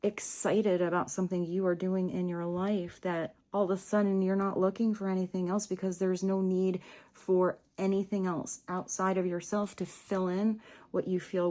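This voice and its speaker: A woman giving a casual tarot reading, gentle and chatty, dropping to soft near-whispers on spiritual lines and laughing often. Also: fairly low pitch. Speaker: tarot reader. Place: home room with small table.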